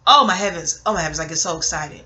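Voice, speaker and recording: Bright-voiced rambling New woman. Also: lowish voice, fast talker, a little hiss or hum. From New York, Queens. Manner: digressive, emotional, expressive, swears casually. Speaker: vlogger reviewing a film. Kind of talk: rambling monologue. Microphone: audio-only recording.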